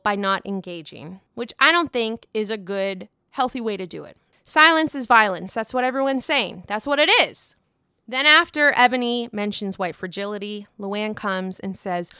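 A woman's voice: on the high side, bright, forceful tone, clean tone, no room sound, studio quality. A young woman giving casual, opinionated commentary on a reality show, candid and frustrated, swearing often and asking herself rhetorical questions.

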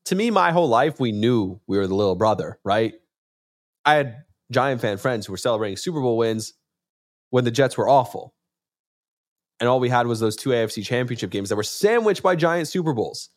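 A man hosting a sports podcast, talking casually and with passion, acting out quotes with sudden leaps in pitch. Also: moderate pace, no room sound, studio quality. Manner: animated, acts out quotes with sudden jumps in pitch.

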